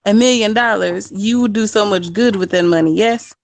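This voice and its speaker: Woman with a gravelly, gentle voice. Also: medium pitch, normal speed. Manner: gentle, affectionate, persistent. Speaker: panel guest. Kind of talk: casual panel discussion.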